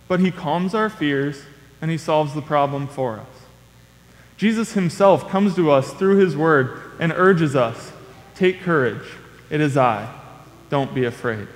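A young man preaching a sermon with a slightly high voice, telling stories in a relaxed, conversational way and acting out lively quotes. His voice carries a long reverb, as in a large hall. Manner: conversational storytelling with playful acted quotes.

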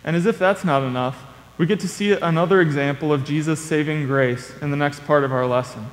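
A man's voice: fairly high pitch, brisk. A young man giving a sermon in a conversational, storytelling manner. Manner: conversational storytelling with playful acted quotes. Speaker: preacher. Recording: long echoey reverb of a large hall.

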